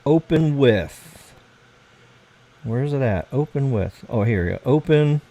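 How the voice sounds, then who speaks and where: A man's voice: medium pitch, animated, unhurried, dark tone, poor audio. An American man hosting a casual late-night livestream, rambling and swearing as he fiddles with his computer. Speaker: livestream host.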